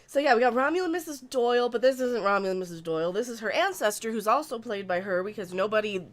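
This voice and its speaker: Lively high-pitched woman, laughing and sarcastic. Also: fast talker, slight background noise. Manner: laughing often, sarcastic and animated. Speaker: co-host of a show recap stream. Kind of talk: casual chat.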